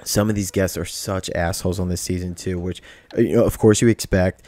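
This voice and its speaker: Male podcast host, lowish voice, laid-back storyteller, dry close sound. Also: a little fast, dry recording. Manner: animated storyteller, swears freely. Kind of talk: casual chat.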